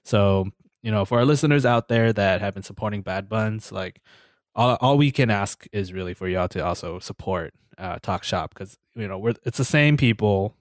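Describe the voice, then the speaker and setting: A man co-hosting a podcast in a relaxed, casual way, with lots of "you know" and "um" and some easy swearing. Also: lowish voice, normal speed, dry recording, clean studio sound. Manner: relaxed, filler-heavy, leans on "you know" and "um"; laughs easily, swears casually. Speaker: podcast co-host.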